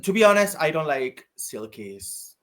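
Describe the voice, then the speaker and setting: Gossipy drag queen, higher-pitched man. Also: very animated, a little slow, heavy background noise. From Spain. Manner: gossipy, laughing, dramatic asides. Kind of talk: casual podcast chat.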